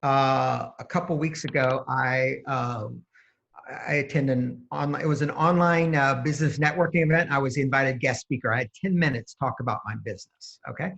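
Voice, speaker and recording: A man's voice: medium pitch, fairly quick, creaky, a bit bright. A man, a holistic energy practitioner, explaining his method step by step as an interview guest and acting out exchanges with clients. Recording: dull lo-fi sound.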